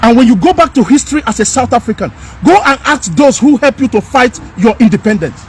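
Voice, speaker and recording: A Nigerian man delivers a fiery, repetitive monologue straight to his viewers, his voice sitting unusually high. He hammers his points over and over with rising anger. Faint street traffic hums in the background of this outdoor recording. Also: animated, fairly quick. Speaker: commentator. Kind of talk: impassioned direct-to-camera rant.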